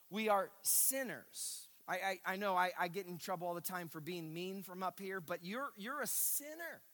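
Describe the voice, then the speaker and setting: High, bright-voiced pastor preaching. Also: male voice. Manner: emphatic, repeats key phrases, stammers on restarts; addresses the congregation directly. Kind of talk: sermon. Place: church sanctuary. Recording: long reverb of a large hall.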